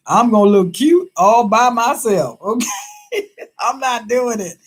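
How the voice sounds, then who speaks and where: A woman's voice: fairly high pitch, expressive, a little slow, husky. A woman hosting a casual live stream who reads viewer comments aloud, talking in a chatty, emphatic way and laughing often. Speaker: livestream host reading viewer comments.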